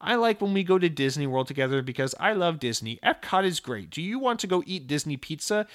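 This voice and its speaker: A man's voice: a little high, very animated, fairly quick, fairly bright tone. A man voicing a sweet, gushing young girlfriend in a slightly raised voice. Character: sugary young adult girlfriend, playful.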